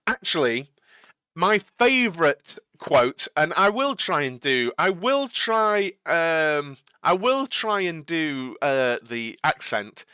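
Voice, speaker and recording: A man's voice: a little high, big pitch swings, slow pace, few pauses, pushed and bright, smooth, no room sound, clean studio sound. A young man hosting a live watch-along stream, chatting casually with viewers. He rambles and repeats himself, and he laughs easily.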